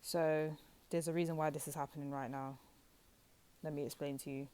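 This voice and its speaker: Low-voiced young woman reading tarot. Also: flat delivery, normal speed, long pauses, dark tone, smooth. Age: young adult. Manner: chatty, rambling, addresses viewers as guys. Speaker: tarot reader. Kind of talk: casual tarot reading to camera.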